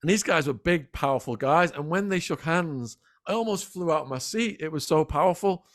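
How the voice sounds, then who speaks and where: A middle-aged man, a podcast guest telling animated stories in a casual interview. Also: on the high side, dry recording, clean studio sound. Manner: animated, quick anecdotal storytelling. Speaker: podcast guest, former prisoner.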